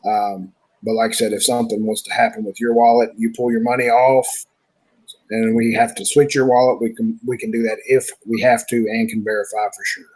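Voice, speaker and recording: A man's voice: lowish voice, level tone, brisk, a little mellow, husky, low-quality recording. A man from a trading platform's team answering questions in a live online Q&A, speaking loosely and often repeating himself.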